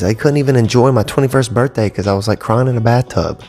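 Speaking quickly with few pauses, this thirtysomething podcaster has a medium-pitched, darkish voice and faint music behind him. He records alone on a podcast mic in a cable-filled home studio, blunt, profane and prone to tangents.

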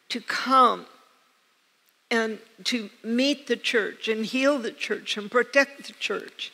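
A woman preacher telling a personal story to her congregation in an earnest way, with soft laughs along the way. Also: a little high, gravelly. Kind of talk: sermon. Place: church hall. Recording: church hall reverb.

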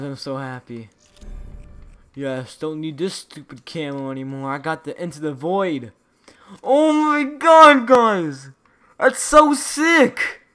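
This young gaming channel host has a clear, resonant mid-range voice. He chats casually and restlessly with his viewers, calling them "guys," while opening supply drops.

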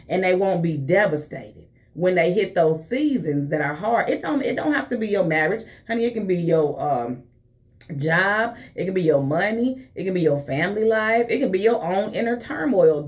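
Fervent woman preaching a live sermon. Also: mid-range voice. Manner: fervent, conversational, calls listeners honey and baby. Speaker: apostle preaching a morning live stream.

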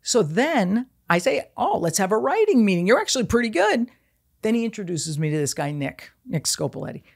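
A woman in her sixties, a podcast guest in casual chat, telling stories in a blunt, profane and animated way. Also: mid-range voice, brisk, gravelly, slightly rough. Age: 60s.

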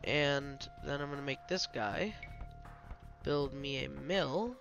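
A man's voice: medium pitch, slow pace, creaky, a bit bright, dull audio, soft background music. A young man with a slight cold, casually commenting on a strategy game he is playing, explaining as he goes and stumbling over his words. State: slightly sick, coughing. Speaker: gaming channel host.

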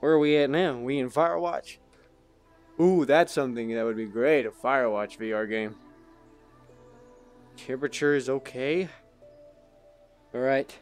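A man's voice: medium pitch, measured pace, pauses often, clear, resonant tone, soft background music. A young man giving casual, profane, sarcastic commentary while playing a video game. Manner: profane, sarcastic, talking back to game characters. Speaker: gaming video creator.

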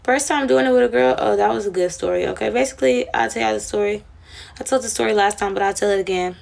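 A woman's voice: medium pitch, fast, gravelly, a little mellow. A young woman chatting casually on a livestream, telling a rambling, slangy, profane story to her viewers.

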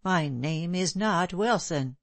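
A woman reading a cold, composed gentleman. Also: on the low side, animated, slow pace, no echo. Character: calm, stern gentleman with a hard voice.

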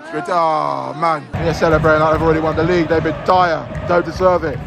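A man reacting live to a football match from the stands, shouting angrily at the referee. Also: a little high, little pitch movement, a little fast, creaky. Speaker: football fan vlogger. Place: football stadium stands, outdoors. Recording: loud crowd and noise. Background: roaring crowd.

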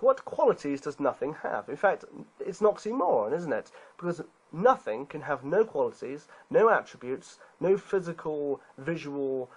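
A man's voice: fairly high pitch, husky, rough recording. A man giving a preachy, rhetorical monologue, emphasizing points and asking rhetorical questions. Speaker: video creator being responded to.

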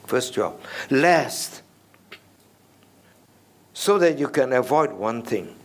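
A man's voice: mid-range voice, lively intonation, slow pace. A middle-aged man preaching an expository sermon as senior pastor, stressing key words and putting rhetorical questions to the congregation.

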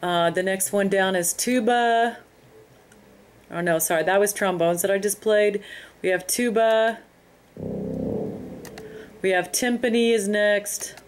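A woman narrating a screen-recorded tutorial, explaining her steps in an unhurried way with frequent ums. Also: medium pitch, a little hiss or hum. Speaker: music software instructor.

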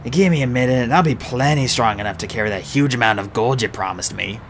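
A man's voice: mid-range voice, fast, a little hiss or hum, natural voice. A man voicing a crude, boastful male dwarf in an audiobook reading.

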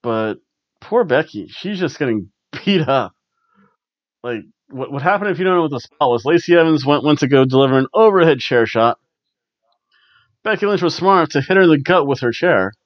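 A man with a slightly high, expressive voice and moderate pace hosts a casual wrestling review podcast. He rambles wryly and chuckles often. The recording is dull, lo-fi and dry, with no room sound.

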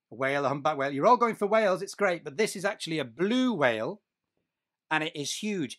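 An enthusiastic man leads a live online nature talk for children as their storyteller. His pitch swings widely and playfully as he quizzes the audience. He reads out their answers and cheers each one on. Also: fairly bright tone. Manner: enthusiastic, reads out children's guesses and praises them; asks the audience questions.

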